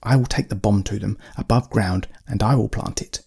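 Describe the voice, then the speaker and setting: A man voicing an urgent male troll in a storybook, speaking a little higher than his own voice. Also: moderate pace, creaky, a little mellow, husky, full character voice.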